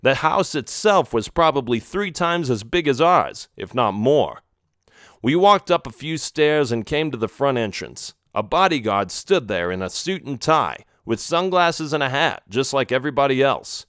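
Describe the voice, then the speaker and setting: A man narrating a first-person children's adventure story in an expressive storybook style. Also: mid-range voice, normal speed, dry recording, clean studio sound. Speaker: audiobook narrator.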